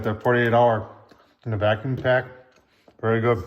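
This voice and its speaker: A man's voice: medium pitch, flat delivery, normal speed, long pauses, muffled recording. A man hosting his own channel, casually reviewing a gas grill while cooking and chatting to viewers in a folksy way.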